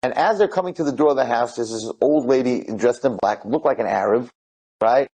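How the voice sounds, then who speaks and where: Excited man telling stories. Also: medium pitch, a little fast, slightly rough. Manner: excited, rambling retelling with Hebrew and Yiddish words. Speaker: speaker telling inspirational stories. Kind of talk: animated storytelling talk.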